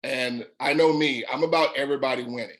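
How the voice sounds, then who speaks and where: A middle-aged man with a Southern drawl and a raspy voice, hosting a group call. He talks in a folksy, upbeat way, leaning on repetition for emphasis. His pitch sits in the middle for a man. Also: steady tone, fairly quick, low-quality recording. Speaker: host. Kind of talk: casual call testimony.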